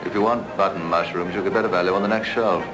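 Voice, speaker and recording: An actor playing a stern, sarcastic middle-aged officer who needles a subordinate in a low voice. Loud film music runs beneath the old clip. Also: male voice, fairly even intonation, quick pace, close to an everyday voice, rough recording. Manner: sarcastic, cutting.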